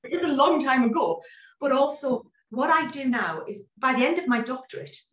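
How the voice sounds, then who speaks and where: A guest in her forties tells her story in a casual interview, animated and restarting often, at a moderate pace in a high voice. She sounds a little far from the mic, as on a video call, in a roomy, echoey space.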